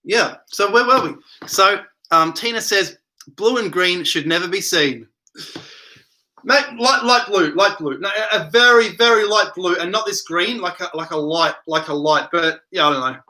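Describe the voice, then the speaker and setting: A man with a high, very bright voice hosts a casual late-night livestream from home. He reads viewer comments aloud and wanders off into rambling replies. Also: normal speed. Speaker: livestream host reading chat.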